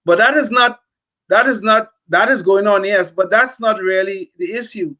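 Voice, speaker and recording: Bright, high-voiced older man, impassioned. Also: normal speed, rough recording. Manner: impassioned, emphatic, repeats words while building a point. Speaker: podcast co-host. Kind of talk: opinionated political talk.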